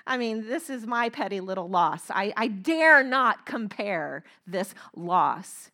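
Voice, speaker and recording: A middle-aged woman preaching a sermon, earnest and emphatic, slowing down to stress key phrases. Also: medium pitch, animated, bright, forceful tone. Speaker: speaker.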